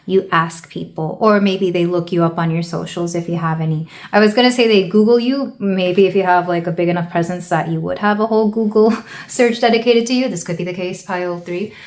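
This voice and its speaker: A woman from the United States giving a casual tarot reading, rambling and thinking aloud with soft fillers. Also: fairly low pitch, a little fast, echoey room. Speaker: tarot reader.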